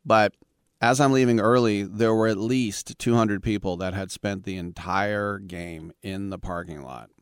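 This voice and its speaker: A man's voice: on the low side, fairly even intonation, measured pace, clear, resonant tone, no echo, clean studio sound. A man in his fifties from the Bay Area, hosting a sports talk radio show in a wry, rambling monologue with sarcastic asides. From San Francisco Bay Area.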